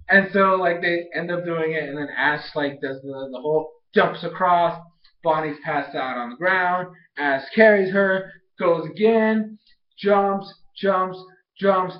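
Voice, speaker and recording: A young man giving a rambling, excitable recap of a cartoon episode, acting out lines in a higher voice. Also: moderate pace. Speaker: video reviewer. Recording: echoey room, dull lo-fi sound.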